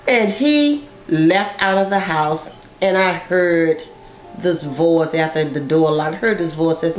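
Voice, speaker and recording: A woman's voice: lowish voice, a little slow, faint music behind. An older woman, a mother, telling a personal family story with emotion and acting out the voices she quotes. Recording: echoey room.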